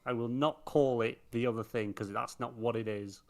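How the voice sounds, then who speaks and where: A man's voice: mid-range voice, steady tone, normal speed, vocal fry. A man from Britain co-hosting a gaming podcast, joking and teasing in casual chat. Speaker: podcast co-host. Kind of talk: casual banter.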